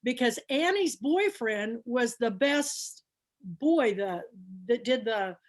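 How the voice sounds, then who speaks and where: Woman host, slightly high-pitched, loose and talkative, spins long anecdotes. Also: lively intonation, takes it slowly. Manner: chatty rambling storyteller. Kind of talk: casual book club chat.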